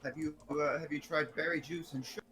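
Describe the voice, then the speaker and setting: A man playing a tabletop game over voice chat, making quiet casual suggestions. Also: fairly high pitch, steady tone, fast talker. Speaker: player.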